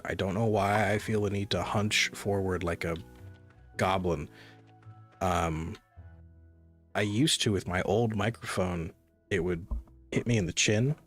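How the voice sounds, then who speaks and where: Chatty low-voiced male game streamer. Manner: rambling, chatty, talks to chat. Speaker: gaming streamer. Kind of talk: casual live-stream chat.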